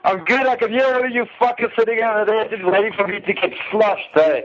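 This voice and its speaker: A man's voice: high-pitched, brisk, a bit bright. Crude, swearing man on a lo-fi line. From South Africa. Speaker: caller on a phone link. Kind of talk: casual chat. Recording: dull lo-fi phone-call audio.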